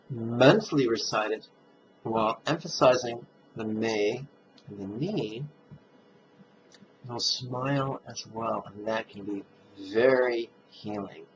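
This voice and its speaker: A man leading a guided meditation, speaking calmly and drawing out his recitations. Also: medium pitch. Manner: slow, calm, drawn-out recitation. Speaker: meditation teacher. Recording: dull lo-fi sound with faint noise.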